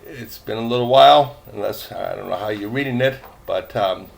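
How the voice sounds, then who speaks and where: A man's voice: on the low side, normal speed, vocal fry. An older man reading a chapter book aloud, rambling with chatty asides and many fillers. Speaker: storyteller.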